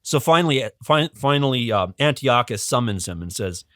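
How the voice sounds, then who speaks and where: A man retells history as a podcast guest in a casual, animated way, chuckling and often starting his sentences over. His voice sits at a middle pitch. The sound is dry and close, with no room echo. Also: fairly quick. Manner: animated, chuckling, many restarts. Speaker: guest educator.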